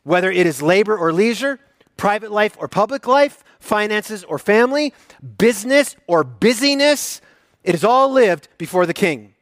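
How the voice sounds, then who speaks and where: A man's voice: high-pitched, expressive, moderate pace, no echo, studio quality. A male pastor preaching a sermon in a conversational, joking and emphatic way.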